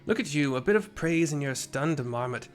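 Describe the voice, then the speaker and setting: A brash young soldier with a rough, gruff accent teases his friend in a loud, raised voice, as a man reading a game's dialogue puts him on. The voice sits higher than the reader's own, and quiet game music plays underneath. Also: animated, brisk, lightly acted. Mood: teasing.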